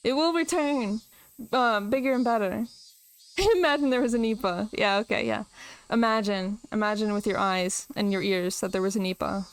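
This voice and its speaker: A woman's voice: medium pitch, moderate pace, clean tone. A young woman streamer chatting casually and emotionally while reading a visual novel aloud, rambling with lots of "like".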